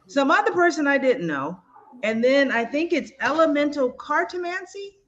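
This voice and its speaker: A woman's voice: sits high, moderate pace. A woman hosting a casual video chat, telling stories with lots of laughter and exclamation. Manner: animated, laughing, exclamatory storyteller. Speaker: host. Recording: dull lo-fi audio.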